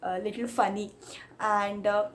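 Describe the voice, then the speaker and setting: A woman's voice: mid-range voice, level tone, a little slow, slight background noise. A woman, a Marathi speaker, chatting casually on her vlog and reading tongue twisters aloud. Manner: chatty, giggly, switches between English and Hindi. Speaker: YouTuber.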